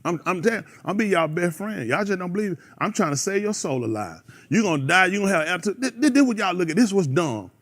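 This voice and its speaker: A man's voice: sits high, quick pace, few pauses. A man preaching a fiery sermon, calling out members of the congregation by name. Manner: animated, preachy, calls out listeners by name.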